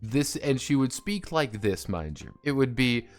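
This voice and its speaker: A man's voice: mid-range voice, very animated, a little slow, soft background music. A male streamer in a casual, rambling, sarcastic rant, swearing often and trailing off with fillers.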